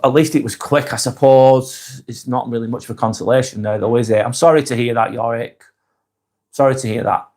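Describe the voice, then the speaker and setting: A man with a Lancashire accent hosting a casual live stream. He reads viewers' comments aloud and answers each one by name in a plain, direct way. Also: mid-range voice. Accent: Lancashire, Northwest England. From Northwest England.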